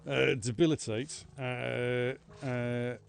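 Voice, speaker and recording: A man's voice: medium pitch, level tone, slow pace, gravelly. A man streaming a game live, chatting casually with viewers in a rambling, self-mocking way. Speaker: livestreaming gamer. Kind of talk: casual live gameplay chat.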